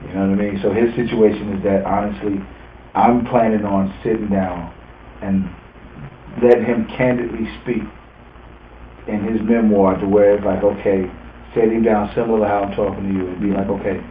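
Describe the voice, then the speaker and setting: A man interviewing a coach, talking earnestly about a memoir project, halting with many restarts and quoted speech. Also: lowish voice, fairly even intonation. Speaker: interviewer, author working on a memoir. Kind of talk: casual interview conversation. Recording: distant, phone-like, echoey with faint noise.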